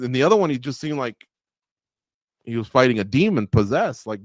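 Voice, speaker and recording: A male radio co-host talks fight sports in a loose, chatty way. He tells stories with lively quoted voices and laughs along at his own jokes. His voice sits at an ordinary male pitch and sounds dry and close, with no room echo. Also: brisk. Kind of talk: casual sports chat. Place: studio.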